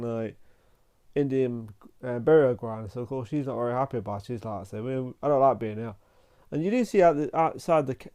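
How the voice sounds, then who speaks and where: Male channel host, casual film review, mellow warm tone, meandering delivery full of restarts. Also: mid-range voice, clear, resonant tone. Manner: rambling and halting, with frequent restarts and "like" fillers.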